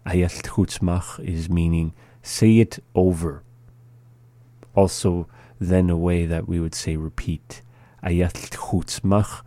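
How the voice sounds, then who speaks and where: A man teaching a language lesson, saying each word and then repeating it slowly and patiently for practice. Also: sits low, steady tone, dark tone, no echo. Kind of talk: slow spoken language lesson.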